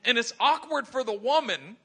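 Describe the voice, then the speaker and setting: A male preacher tells the story dramatically, his high voice swinging widely in pitch. The tone is bright and forceful, and he often builds up to shouts. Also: lively intonation, normal speed, slightly rough. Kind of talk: sermon.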